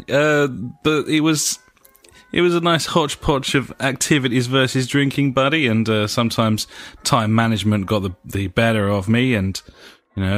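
A man's voice: medium pitch, fairly bright tone, no room sound. A man in his thirties co-hosting a casual podcast, laid-back and jokey, swearing freely. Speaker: podcast co-host. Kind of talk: casual banter.

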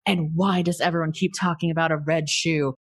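A woman's voice: low-pitched, fairly even intonation, brisk, slightly rough. A woman putting on a dramatic movie-trailer narrator voice, theatrical and suspenseful.

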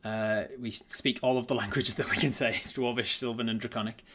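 A man's voice: medium pitch, fairly even intonation, brisk, noisy background. A man narrating as game master of a tabletop game, hesitant, with many fillers and restarts.

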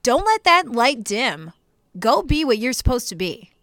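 Young woman co-host, bright and clear, lively storyteller, dry close sound. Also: fairly high pitch, a little slow, no echo. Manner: animated storytelling with laughter; faith-based encouragement to listeners. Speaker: podcast co-host. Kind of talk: casual chat.

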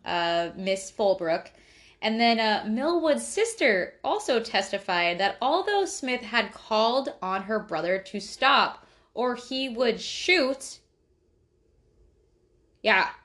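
A woman's voice: on the high side, lively intonation, slow pace, fairly bright tone. A woman hosting a casual podcast chat, who swears freely, laughs often, and keeps stopping to correct herself. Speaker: podcast host.

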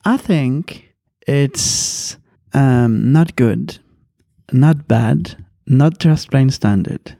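A man co-hosting a casual podcast chat, speaking in a halting, hesitant way. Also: mid-range voice, creaky, mellow, no echo, clean studio sound. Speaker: podcast co-host.

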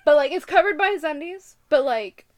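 A young woman with a high voice, lively intonation, and a fairly quick pace co-hosts a casual podcast. She tells work stories with frequent giggles and reads notes aloud.

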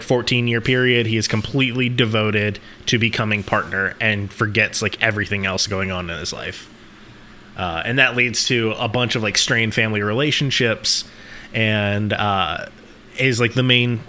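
Young man, halting, bright casual voice. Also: on the low side, slight background noise. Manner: halting, filler-heavy summarizing. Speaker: podcast co-host. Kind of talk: casual movie discussion.

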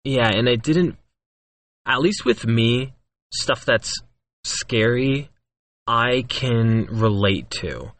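A man's voice: medium pitch, lively intonation, takes it slowly, long pauses, a bit bright. A young man co-hosting a podcast in casual chat, reflective and hesitant, with many fillers. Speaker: podcast co-host.

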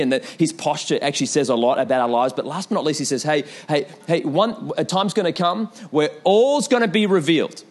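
A young man preaching a sermon in an animated way, with repeated calls to the congregation and storytelling asides. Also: fairly high pitch, a little fast, few pauses. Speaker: pastor.

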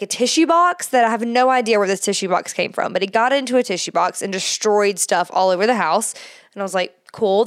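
A woman's voice: medium pitch, clear, resonant tone. A woman podcast host telling a rambling, casual story, full of fillers and laughing as she talks. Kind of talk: casual chat.

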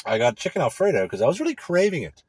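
A man's voice: a little high, wildly swooping pitch, fast talker, a little mellow, slightly rough, no room sound. A man in a casual, profane, indignant rant. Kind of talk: casual ranting monologue.

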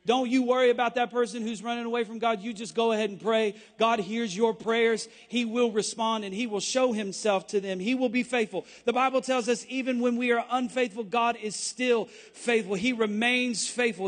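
A man preaching a sermon with passion, rising at times to shouting. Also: extremely high pitch, long reverb tail.

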